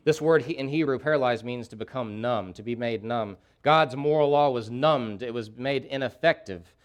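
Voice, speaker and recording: A man's voice: mid-range voice, moderate pace. A man preaching a sermon, delivering impassioned pleas and repeating key phrases for emphasis. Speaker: pastor.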